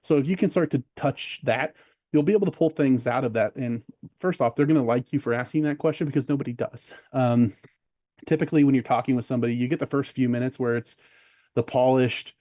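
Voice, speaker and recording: A man's voice: mid-range voice, brisk, dark tone, dry recording. A man speaking as a podcast guest in casual conversation, rambling with many fillers and restarts, and acting out what other people say. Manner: acts out quoted voices of other people.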